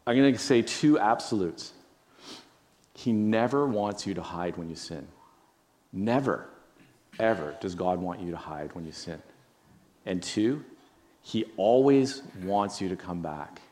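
A man's voice: sits low, lively intonation, measured pace, pauses often, a little mellow. A man preaching a sermon as pastor, earnest and repeating phrases for emphasis, then leading a prayer. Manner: earnest, repetitive emphasis, frequent "right?".

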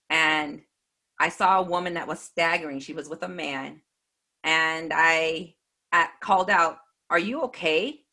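A woman earnestly recounting a personal faith testimony in a measured way. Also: deep voice, bright, forceful tone. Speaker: speaker giving a faith testimony.

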